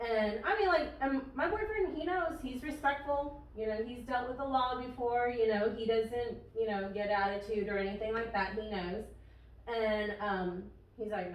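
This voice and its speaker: A woman's voice: a little high, moderate pace. A woman co-hosting a casual podcast, talking bluntly and swearing freely. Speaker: podcast co-host. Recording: echoey room, far from the mic.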